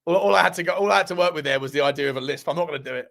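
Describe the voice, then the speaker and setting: Man, fan livestream host, bright tense voice, rambling, self-correcting, jokey. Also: a little high, rapid-fire, creaky, few pauses. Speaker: football fan channel host. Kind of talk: live-streamed casual chat.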